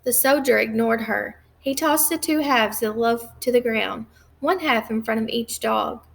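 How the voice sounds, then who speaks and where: A woman reading a novel aloud at a measured pace, with occasional slips and restarts. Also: on the high side, vocal fry. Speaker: reader.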